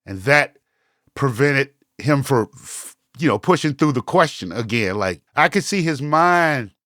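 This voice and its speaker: A man telling a personal story, vivid and animated, with repetitions and acted-out quotes. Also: mid-range voice, a little slow, dry recording, studio quality. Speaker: storyteller and show host.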